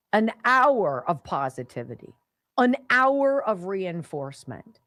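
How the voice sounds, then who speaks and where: A middle-aged woman hosting a talk radio show, giving opinionated commentary in an animated, sarcastic way. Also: fairly low pitch, no room sound. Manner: animated, sarcastic, switching into quick impressions.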